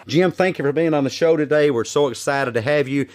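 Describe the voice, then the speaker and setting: A man's voice: a little high, brisk, heavy background noise. A man hosting a podcast interview, upbeat and eager with playful banter. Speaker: podcast host.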